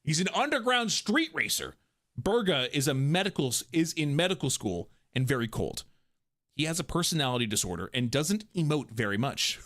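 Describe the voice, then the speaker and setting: A man streaming a game, reading and reacting aloud in a jokey way, quick to laugh. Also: fairly high pitch, sing-song, fairly bright tone, dry recording, clean studio sound.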